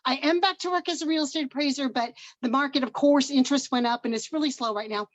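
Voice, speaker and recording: A woman's voice: sits high, fast, dry recording, lo-fi sound. An older woman from Washington State giving an upbeat, emotional personal testimony on a video call. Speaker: guest presenter.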